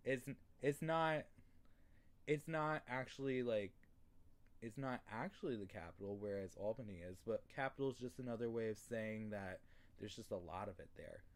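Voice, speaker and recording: Casual young male English tutor from New York State; easygoing, lots of fillers and throat clearing. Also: lowish voice, moderate pace. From New York State, USA. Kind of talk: casual online lesson.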